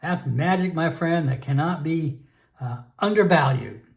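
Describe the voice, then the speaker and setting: A man's voice: fairly high pitch, measured pace, creaky. Man voicing a pushy merchant alchemist. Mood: coaxing. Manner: wheedling sales patter, calls everyone my friend. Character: pushy male merchant alchemist, chatty salesman.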